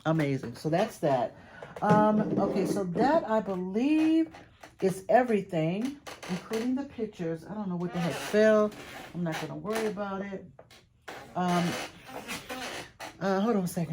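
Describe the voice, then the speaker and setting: A woman's voice: medium pitch, expressive, a little slow, long pauses, noisy background. A woman reselling antiques, chatting casually to viewers while showing off items and gushing with repeated praise. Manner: chatty, addresses viewers directly. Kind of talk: casual haul show-and-tell.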